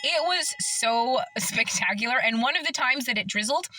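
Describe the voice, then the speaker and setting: A woman's voice: on the high side, expressive, moderate pace, bright, forceful tone, rough recording. A woman from Las Vegas talking to camera in an earnest, emphatic, chatty way. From Las Vegas, Nevada, USA. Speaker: vlogger. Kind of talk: casual talk to camera.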